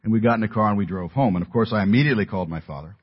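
A middle-aged man preaching a sermon in an earnest, emphatic way, dropping his voice low at key words. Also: racing. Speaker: pastor. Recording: dull lo-fi audio.

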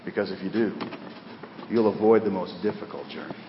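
Middle-aged pastor preaching in a hall. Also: male voice, deep voice, fairly quick, dull audio, noisy background. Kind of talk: sermon. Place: church sanctuary.

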